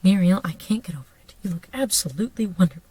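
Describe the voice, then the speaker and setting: An eager, smooth-talking man greeting an old sweetheart, read out by a woman rehearsing alone. The cues come quick and a bit lower, with little fuss. The sound is dry and close. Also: animated, dark tone, no room sound. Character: smooth-talking male film producer, eager old flame. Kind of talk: reading cue lines in rehearsal. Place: front seat of a car.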